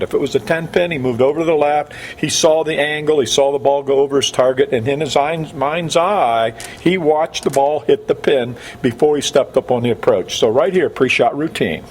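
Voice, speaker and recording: A man's voice: medium pitch, slight background noise. A man coaching bowling technique, talking energetically and repeating key words for emphasis. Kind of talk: coaching instruction.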